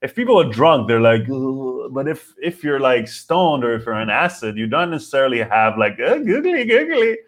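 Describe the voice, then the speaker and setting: A man's voice: mid-range voice, lively intonation, a little fast, few pauses. Chatty man in casual talk. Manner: rambling, chatty, full of fillers. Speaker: podcast co-host. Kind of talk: casual chat.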